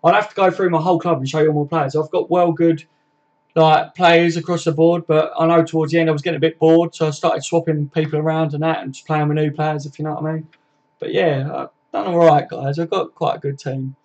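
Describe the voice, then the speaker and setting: A young man chats loosely on a home live stream, swearing and calling everyone "mate". His voice sits a bit high and stays fairly flat in pitch. The audio is dull and lo-fi. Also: fast. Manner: chatty, laddish, swears freely, says "mate" a lot. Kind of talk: casual live stream chat reading viewer comments.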